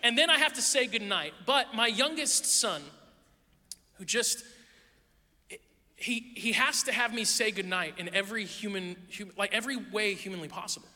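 A man in his thirties, a pastor preaching a sermon, telling animated, self-deprecating stories with a laugh. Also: sits high, normal speed. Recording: long reverb of a large hall.

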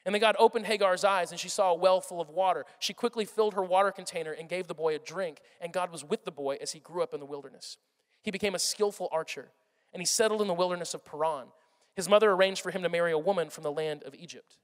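Pastor, male, high voice, lively sermon that swings from loud to hushed, big echoing hall. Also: fast. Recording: long reverb of a large hall.

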